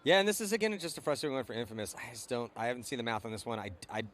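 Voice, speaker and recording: A man's voice: medium pitch, sing-song, rapid-fire, a bit bright, a little hiss or hum. A man giving casual, chatty color commentary on a live match.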